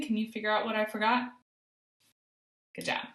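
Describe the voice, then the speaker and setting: A woman teaching a phonics lesson to young children, sounding out letters slowly and praising often. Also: fairly high pitch, a bit bright, reverberant. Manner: encouraging, sing-song praise, slow sounding out of letters. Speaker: kindergarten teacher.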